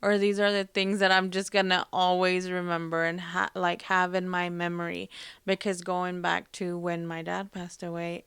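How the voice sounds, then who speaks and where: A woman podcast host telling personal family stories in a soft, reflective way, pausing often with fillers. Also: fairly low pitch, clean tone, no echo, studio quality. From Hispanic family, Spanish-speaking mother. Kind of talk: personal storytelling.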